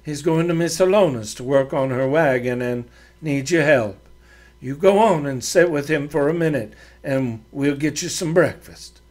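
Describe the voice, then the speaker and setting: A man's voice: a little high, moderate pace, a little mellow, close to an everyday voice. A man voicing a work-hardened frontier ranch wife who talks bluntly and threateningly in a rural drawl. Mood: firm.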